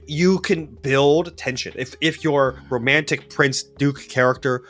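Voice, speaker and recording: A man co-hosting a casual chat, giving game-running advice in an animated way and often tagging his sentences with "right?". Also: mid-range voice, a little slow, hardly any pauses, soft background music.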